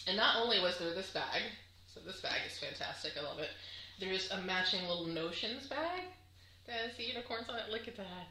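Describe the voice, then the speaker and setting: Bright, gushing woman vlogger. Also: lowish voice, normal speed, echoey room, low-quality recording. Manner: gushing, chatty, many fillers. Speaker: crafting vlogger. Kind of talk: casual chat to camera.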